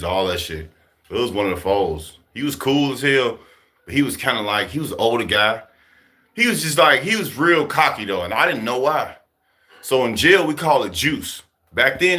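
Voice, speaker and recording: A man from Chicago casually telling a story to his viewers, profane and animated, laughing as he goes. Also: medium pitch. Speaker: vlogger talking to his viewers.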